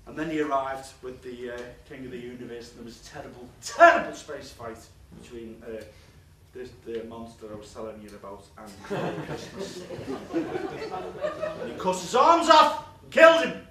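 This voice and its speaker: A man's voice: mid-range voice, very animated, normal speed, a loud crowd. A male stand-up comedian, telling a crude, rambling comic story with chatty asides to a live audience. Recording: echoey live room, distant mic.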